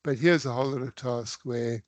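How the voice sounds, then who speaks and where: A man's voice: medium pitch, steady tone, normal speed, no room sound. A man presenting a live online engineering webinar, chatty and loose, with sudden emphatic bursts.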